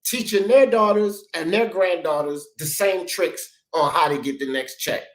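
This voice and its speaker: A man's voice: high voice, normal speed, roomy sound, poor audio. A man hosting a talk show, ranting bluntly and profanely in heated commentary. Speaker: sports talk show host.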